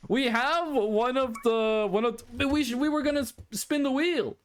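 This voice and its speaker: A man's voice: very high-pitched, measured pace, smooth. A man from Norway with a Norwegian accent, chatting casually on a live stream, laughing, swearing and rambling as he reacts to clips.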